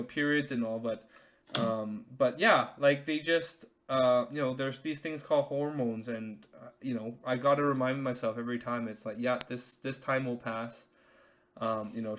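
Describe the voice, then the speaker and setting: A man's voice: mid-range voice, fairly bright tone. A man hosting a podcast, talking casually as a new father, rambling with many fillers and restarts.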